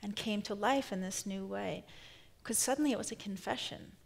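Woman, novelist, onstage conversation, thoughtful, searching, halting restarts. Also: mid-range voice, gravelly. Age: 30s. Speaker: novelist guest.

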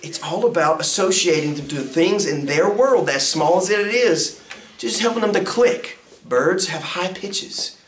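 A man, a pastor teaching a music ministry class in an animated lecture that swoops up and down in pitch. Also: unhurried, slight background noise. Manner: acts out sounds and quotes with big pitch jumps. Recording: roomy echo.

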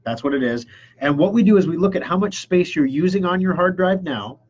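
Chatty husky-voiced man on a live stream. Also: high voice, expressive, a little fast, darkish tone, muffled recording. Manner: chatty, enthusiastic storyteller acting out customers. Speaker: host of a computer repair call-in show. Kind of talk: casual live-stream chat answering questions.

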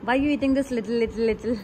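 A woman in her thirties with an Indian English accent, chatting and coaxing as a mother in a casual family vlog, mixing English with Hindi and soothing gently. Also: sits high. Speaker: vlogger mother. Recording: faint background noise.

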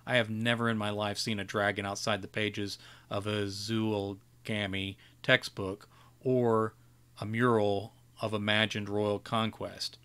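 A man's voice: on the low side, level tone, a little slow, a bit bright, smooth. A man voicing a weary, jaded old male wizard who growls and lectures dismissively.

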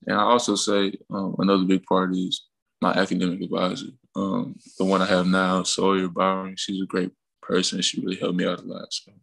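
A young man from Mississippi, a college basketball player, telling stories in a relaxed, rambling way in a casual interview. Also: low-pitched, a little fast, vocal fry, low-quality recording. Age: young adult. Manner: relaxed, rambling with fillers and restarts, laughs while telling stories.

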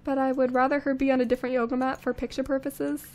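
Young female host, bright high register, easygoing running game commentary with small laughs; clean close-mic sound. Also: flat delivery, fast. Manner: chatty, thinking aloud, frequent little laughs. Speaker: let's play host. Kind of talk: casual gameplay commentary. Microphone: studio condenser microphone.

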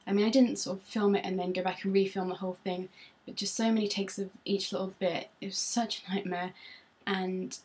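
A woman's voice: mid-range voice, steady tone, fairly quick, a little mellow. Rambling young Norfolk woman vlogging. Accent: Norfolk English. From Norfolk, England. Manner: rambling and self-conscious, many ums. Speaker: beauty vlogger. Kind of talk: casual chat to camera.

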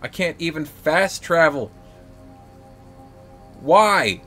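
A man's voice: a little high, animated, very slow, bright, forceful tone, faint music behind. A man live-streaming a video game, talking through his play in an exasperated, jokey way.

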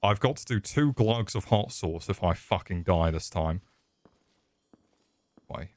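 A man's voice: deep voice, lively intonation, a little slow, darkish tone, no echo. A young man casually commenting on a game he is streaming, profane, rambling and jokey. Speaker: gaming streamer.

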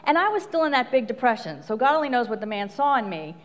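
A middle-aged woman coach giving an animated live talk full of stories, laughing often and acting out quotes. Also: on the high side, fast talker, long reverb tail. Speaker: speaker and coach. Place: large venue before an audience.

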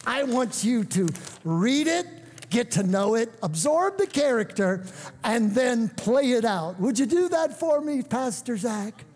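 A man, a preacher, voicing the devil as a smooth male schemer, slow and coaxing. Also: extremely high pitch, big pitch swings, a little mellow, exaggerated voice. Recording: echoey church hall.

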